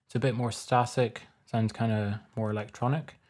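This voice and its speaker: A man casually talking through a music production tutorial step by step in a relaxed, plain way. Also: medium pitch, normal speed. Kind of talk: casual screen-recorded tutorial.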